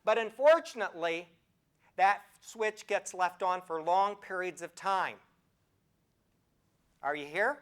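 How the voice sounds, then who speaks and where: A woman in her sixties, a nursing professor, giving a health talk to an audience as an animated storyteller who asks her listeners direct questions. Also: on the low side, unhurried, clean tone.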